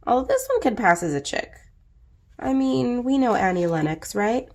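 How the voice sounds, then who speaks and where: A woman's voice: a little high, expressive, moderate pace, a little mellow. Congested woman chatting while she colors. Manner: chatty, profane and playful, rambling asides. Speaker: coloring book artist and host. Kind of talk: casual chat while coloring.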